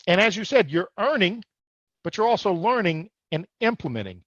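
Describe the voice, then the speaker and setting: A man's voice: sing-song, normal speed, a crowd in the background. Hyped-up man hosting a video call. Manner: upbeat, hype-driven pitch talk. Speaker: host. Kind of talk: live video call sales show. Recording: dull, dry video call audio.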